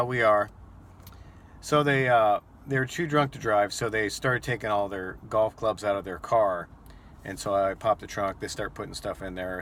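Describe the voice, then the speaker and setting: A man's voice: lowish voice, a bit bright, slight background noise. A man who drives rideshare, telling a story casually to camera and acting out his own shocked reactions.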